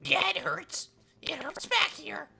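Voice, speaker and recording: A woman voicing the sore back of a neck as a grumbling, unloved figure, complaining in a raspy, creaky voice. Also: high voice, very animated, slow, sharp tone, pitched above the performer's own voice, full character voice. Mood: whiny. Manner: whiny complaining.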